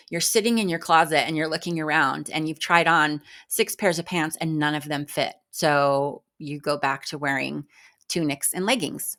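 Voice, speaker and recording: A woman's voice: low voice, a bit bright. A woman in her fifties talking frankly in a personal vlog, chatty and exasperated, with many fillers and restarts. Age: 50s. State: exhausted. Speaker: vlogger.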